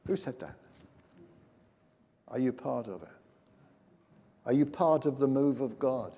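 An older man preaching a sermon in a church, emphatic and building to loud peaks. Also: medium pitch, expressive, unhurried, slightly rough. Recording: long hall reverb.

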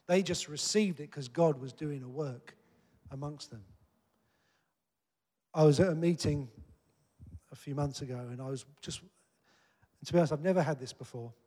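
Man preacher, sermon, higher-pitched, conversational and earnest, long hall reverb. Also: normal speed, pauses often, mellow. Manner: earnest, conversational preaching that rises to emphatic peaks.

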